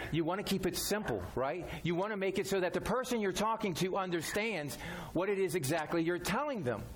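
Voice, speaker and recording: A man preaching a sermon as a pastor, talking directly and conversationally, repeating his key phrases. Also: fairly high pitch.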